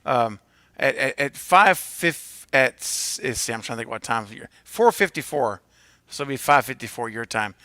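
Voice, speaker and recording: A man's voice: mid-range voice, lively intonation, normal speed, pushed and bright, dry recording. A man co-hosting a casual livestream chat, joking playfully and laughing often. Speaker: livestream co-host.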